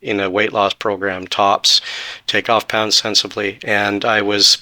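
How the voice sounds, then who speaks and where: A man in his forties tells his personal story as a podcast guest, voice sitting fairly low yet bright and forceful. He talks earnestly and plays out past conversations in quoted lines. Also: little pitch movement, measured pace.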